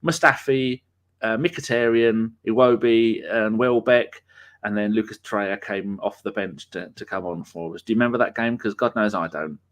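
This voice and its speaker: A man's voice: lowish voice, normal speed. A man hosting a live podcast in casual, rambling chat, joking and using lots of fillers. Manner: chatty, rambling, jokey, with many fillers. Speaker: podcast host.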